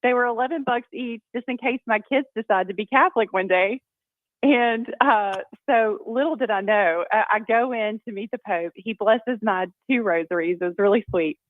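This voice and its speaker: A woman's voice: fairly high pitch, moderate pace, no room sound. A congresswoman, talking enthusiastically as a guest on a radio show. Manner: upbeat, enthusiastic storyteller. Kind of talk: phone-in radio interview. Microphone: phone. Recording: tinny phone line.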